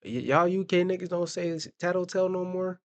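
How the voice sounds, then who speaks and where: A man's voice: high-pitched, monotone, a little fast, smooth, no echo. A man hosting a reaction video, talking casually in blunt, profane asides and repeating his fillers.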